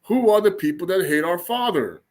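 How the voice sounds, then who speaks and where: A man's voice: sits high, lively intonation, moderate pace. A man giving an informal spoken sermon in a rambling, colloquial way, with frequent restarts and "okay?" checks. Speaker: religious teacher.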